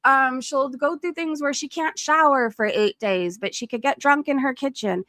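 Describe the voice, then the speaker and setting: A woman's voice: sits high, moderate pace, a bit bright, no room sound. Blunt, profane woman streamer, dry sound. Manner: blunt and profane, with frequent laughs. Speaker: live streamer. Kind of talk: casual gossip commentary.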